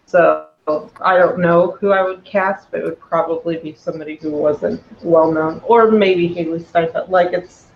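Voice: mid-range voice, steady tone, normal speed, few pauses, a little hiss or hum. A podcast panelist in a casual chat, answering in a dry, matter-of-fact way. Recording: roomy, dull remote mic.

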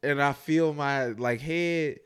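Man, casual podcast co-host, smooth resonant voice, animated profane storytelling. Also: fairly high pitch, slow pace. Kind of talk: casual chat.

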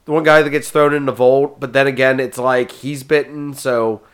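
A man hosting a podcast, chatting casually about movies in an excitable, rambling way. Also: mid-range voice, moderate pace, smooth. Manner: excitable and rambling, jumps between thoughts. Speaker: podcast host.

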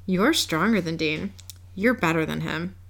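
A woman reading the lines of a sly, mocking female crossroads demon, in a low, gravelly voice. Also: measured pace, fairly bright tone. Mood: taunting. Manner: mocking, teasing.

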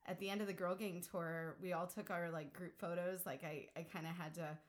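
A woman's voice: lowish voice, fairly even intonation, a little fast. Woman, host, casual chat, emotional, giggly, heartfelt.

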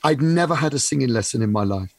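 A man, a musician with Italian parents, chatting and telling animated stories. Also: medium pitch, fast, dry recording. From Britain, to Italian parents. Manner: animated storyteller, acts out family voices. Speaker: musician and singer. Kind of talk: casual chat.

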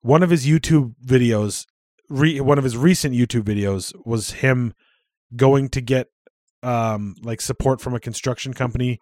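A man trades casual podcast banter, dropping swear words and laughing easily. His voice sits mid-pitch. The sound is dry and close with no room behind it. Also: moderate pace, darkish tone, dry recording. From Canada. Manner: chatty, swears freely, laughs often. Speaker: podcast co-host. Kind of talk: casual chat.

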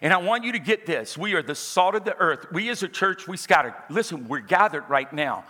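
Bright-voiced preacher in a reverberant hall. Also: male voice, high-pitched, animated, a little fast. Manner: humorous storytelling building to emphatic exhortation. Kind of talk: sermon.

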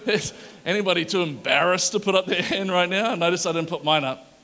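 A middle-aged male pastor preaching a sermon with lively energy, reading scripture aloud with rising emphasis. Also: high voice, moderate pace, vocal fry. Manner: energetic, animated preaching to a congregation.

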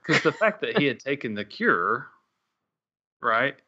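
A man's voice: mid-range voice, big pitch swings, unhurried, bright, forceful tone. A married man co-hosting a casual podcast, rambling and hesitant with small chuckles. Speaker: podcast co-host. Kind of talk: casual chat. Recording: slightly dull, lo-fi sound.

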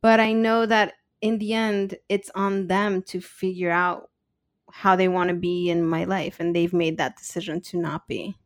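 A woman's voice: on the low side, steady tone, a little slow, no room sound, studio quality. A woman co-hosting a podcast in casual chat. She tells personal stories in an earnest, open way. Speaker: podcast co-host.

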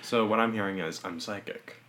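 Deep-voiced man cracking jokes. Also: a bit bright. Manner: wisecracking, quick jokey asides. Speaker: podcast co-host. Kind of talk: casual chat.

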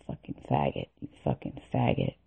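A woman voicing a bullying female army recruit with a low mocking growl. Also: expressive, moderate pace, gravelly, warm tone, slightly rough, exaggerated voice. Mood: sneering. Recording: tinny phone-like recording.

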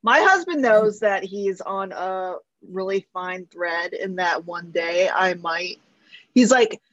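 A woman's voice: mid-range voice, slow, a bit bright, dry recording. Dry-humored woman, dull close mic. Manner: dry, joking, trailing off. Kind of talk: casual podcast chat.

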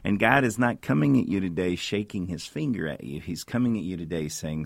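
A man co-hosting a faith-based recovery talk show, telling stories in an earnest, animated way. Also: low-pitched, a little fast, gravelly, hardly any pauses, no echo. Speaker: co-host, recovery ministry leader.

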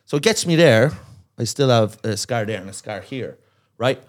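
A man's voice: medium pitch, lively intonation, moderate pace. A man telling a long, profane story on a comedy podcast, acting out the voices of the people in it. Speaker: comedian guest.

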